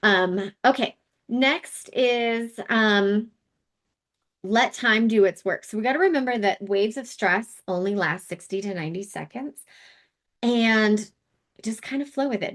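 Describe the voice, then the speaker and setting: A woman hosting a casual live wellness session, talking in a chatty, candid way with asides and fillers. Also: medium pitch.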